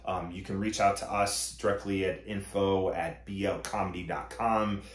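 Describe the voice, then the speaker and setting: Deep-voiced man, echoey room. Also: fairly even intonation, moderate pace. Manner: earnest, full of thanks. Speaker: comedy company owner. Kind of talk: live-streamed announcement speech.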